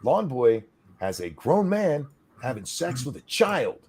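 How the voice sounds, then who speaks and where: A man's voice: mid-range voice, big pitch swings, a little slow, darkish tone, a little hiss or hum. A man co-hosting a podcast, ranting in a heated, sarcastic, profane way. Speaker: podcast co-host. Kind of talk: casual podcast rant.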